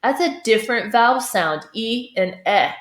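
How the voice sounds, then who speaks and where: A woman's voice: fairly high pitch, lively intonation, moderate pace, fairly bright tone. A woman choir teacher giving a singing lesson, explaining vocal technique and often checking in with "okay?". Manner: demonstrates sung phrases, checks in with "okay?". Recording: echoey room.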